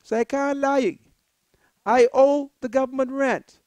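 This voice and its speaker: A Bahamian woman hosting a political talk show, giving an impassioned monologue in a preacherly way that rises to shouted appeals. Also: high voice, fairly even intonation, unhurried, dry recording. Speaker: political commentator, show host.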